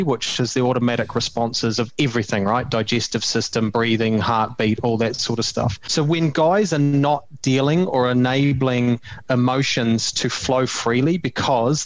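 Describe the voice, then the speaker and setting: A man's voice: mid-range voice, no echo, poor audio. A man hosting a podcast, explaining his ideas in an earnest, conversational way and often checking in with "right?". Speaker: podcast host.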